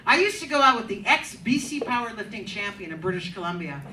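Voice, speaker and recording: A woman's voice: mid-range voice, big pitch swings, a little fast, pushed and bright, a little hiss or hum. A middle-aged woman performing a crude, teasing stand-up set in a comedy club, working the crowd. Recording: echoey club from a distance, crowd. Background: audience laughter.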